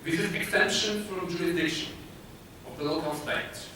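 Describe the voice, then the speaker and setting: A man's voice: on the high side, normal speed. Polish guy giving a conference talk, lots of uhs, far from the mic, big echo. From Poland. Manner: hesitant, many filler sounds and restarts. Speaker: conference speaker. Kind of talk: conference presentation. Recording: echoey hall, distant mic, noisy.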